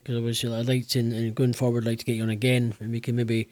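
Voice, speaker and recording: A man hosting an interview, talking in a relaxed, rambling way with hesitations. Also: medium pitch, fast talker, no room sound, clean studio sound. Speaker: podcast host. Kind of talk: casual interview.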